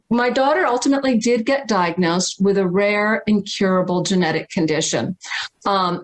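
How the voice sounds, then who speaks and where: A woman's voice: mid-range voice, low-quality recording. Earnest woman telling a story. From Massachusetts, USA. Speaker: guest teacher. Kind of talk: storytelling in a livestream talk.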